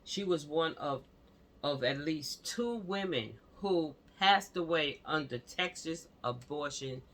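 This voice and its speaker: A woman's voice: low voice, lively intonation, slow pace. A woman vlogger at home, giving impassioned casual commentary on a news story and speaking straight to her viewers with repeated fillers.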